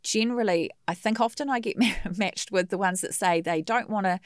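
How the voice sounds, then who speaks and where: A woman in her fifties with a New Zealand accent talks warmly as an interview guest. She is chatty and laughs easily, and she voices the people in her stories. Her voice sits at a middling pitch and is recorded dry and close. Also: fairly quick, no echo. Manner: chatty, laughs easily, acts out quoted speech. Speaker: guest, funeral celebrant. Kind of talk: casual interview chat.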